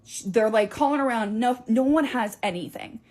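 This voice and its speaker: A young woman telling a story in a casual, animated, chatty way, with many fillers. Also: fairly high pitch, moderate pace.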